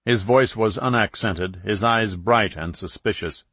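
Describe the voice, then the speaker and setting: A male audiobook narrator reads a novel in a measured, even way. His voice is on the low side, and the recording is close and dry. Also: breathy edge, dry recording. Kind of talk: scripted narration.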